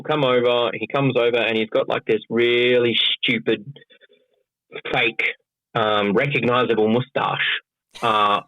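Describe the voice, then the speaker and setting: A man with an Australian accent, a pro wrestler, telling stories in a loose, animated way and swearing freely. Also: on the low side, no room sound. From Western Australia. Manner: animated, acts out quoted voices, swears freely. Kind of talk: casual storytelling. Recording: dull lo-fi sound.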